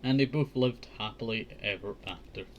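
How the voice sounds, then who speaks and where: A man's voice: fairly low pitch, normal speed, dull audio, slight background noise. A man hosting a casual storybook reading, breaking off into chatty, joking asides. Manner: chatty, joking asides, says "I tell you" often. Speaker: host reading a children's book.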